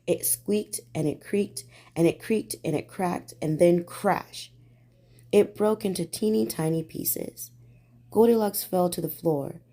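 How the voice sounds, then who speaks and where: A woman reads a bedtime story in a gentle, soothing way. Her voice is mellow and warm, set a little low. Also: measured pace.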